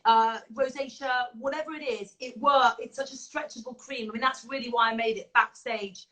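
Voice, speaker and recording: A woman's voice: fairly high pitch, steady tone, moderate pace, sharp tone, low-quality recording. A woman, a makeup artist and beauty founder, chatting effusively while demonstrating makeup over a video call, with many fillers. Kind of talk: casual chat with makeup demonstration.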